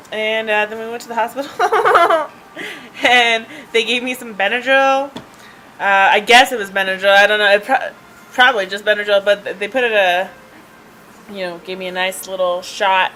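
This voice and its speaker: Bright-voiced woman rambling through a story. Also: medium pitch, slight background noise, poor audio. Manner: chatty, laughs often, many fillers and restarts. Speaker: vlogger. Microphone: handheld device camera.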